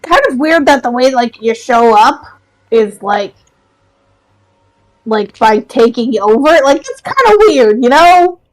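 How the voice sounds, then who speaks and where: A woman's voice: on the high side, lively intonation, a little slow, rough recording. A woman playing a tabletop game, talking wryly and jokingly. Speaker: player.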